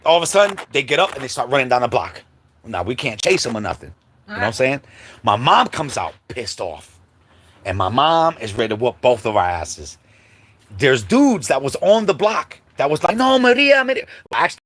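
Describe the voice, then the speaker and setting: A man hosting a livestream, telling a childhood story in a casual, animated way and acting out the quotes, with many asides to the listeners. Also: mid-range voice, no room sound. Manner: animated storyteller, acts out quotes, many "you know what I'm saying" asides. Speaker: host. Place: livestream setup.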